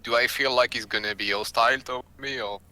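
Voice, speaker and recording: A man's voice: medium pitch, fairly even intonation, a little fast, pushed and bright. A young man playing in a tabletop game, talking casually and flippantly with jokes. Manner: flippant, joking. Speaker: player. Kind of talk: casual in-character game chat.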